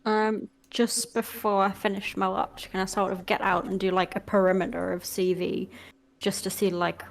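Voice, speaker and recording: A young woman playing a tabletop game, playful and deadpan as she jokes with the group. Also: mid-range voice, moderate pace, creaky. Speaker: player.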